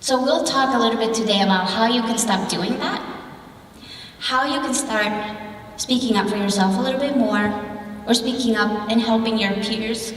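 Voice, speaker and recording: A woman in her thirties, a therapist telling a personal story in a lively way during a talk to teens and parents in a church hall. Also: fairly high pitch, normal speed, distant mic. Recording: echoey hall recorded from afar.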